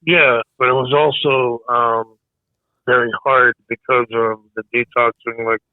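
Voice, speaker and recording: Hoarse, halting man over a tinny line. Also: mid-range voice, flat delivery, dry recording. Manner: halting, hesitant speech. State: losing his voice. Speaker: military veteran guest. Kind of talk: casual podcast interview.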